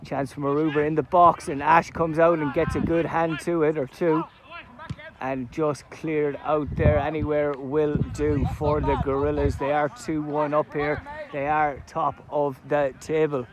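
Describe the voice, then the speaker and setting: A man's voice: a little high, little pitch movement, unhurried. Chatty man calling a local match. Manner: chatty play-by-play, erupts loudly at goals and chances. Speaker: amateur football commentator. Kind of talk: live match commentary. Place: outdoors at a sports ground.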